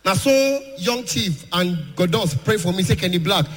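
High-voiced Nigerian comedian, echoey hall. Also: male voice, normal speed, faint music behind. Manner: lively storytelling, mixing pidgin, acting out voices. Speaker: stand-up comedian. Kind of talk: stand-up comedy. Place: large hall, live audience. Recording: echoey hall, faint noise.

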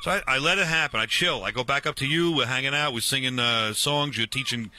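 A man in his fifties casually telling a long story, animated and full of restarts, acting out the dialogue. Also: mid-range voice, fast talker, a little hiss or hum.

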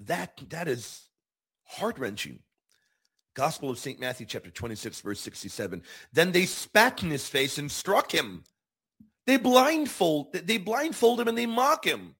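A man's voice: medium pitch, fairly bright tone, husky. A man hosting a Catholic teaching show, speaking earnestly and emphatically, repeating key words for stress. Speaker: show host.

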